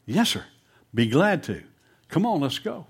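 A man's voice: fairly high pitch, big pitch swings, measured pace, creaky, husky, exaggerated voice. A man voicing a friendly, willing traveler who gladly helps a soldier. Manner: cheerful, easygoing. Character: friendly, willing grown man, eager to help.

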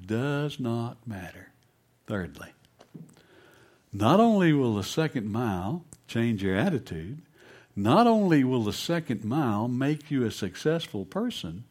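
Animated male preacher. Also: mid-range voice. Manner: animated storytelling, drops to a hush for emphasis. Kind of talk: sermon.

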